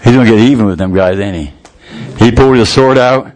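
A man's voice: fairly low pitch, fairly quick, darkish tone. An older man preaching a sermon, retelling scripture in a folksy, colloquial way with rising fervor.

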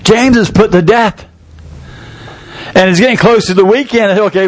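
Older male preacher, slightly high voice, folksy storyteller who builds to fervent peaks. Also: normal speed, pauses often. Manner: folksy, colloquial storytelling with rising fervor. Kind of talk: sermon.

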